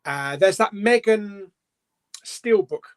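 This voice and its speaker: A man's voice: high-pitched, animated, slow pace. A man hosting a casual live-stream chat, rambling along with lots of fillers and restarts. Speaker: host.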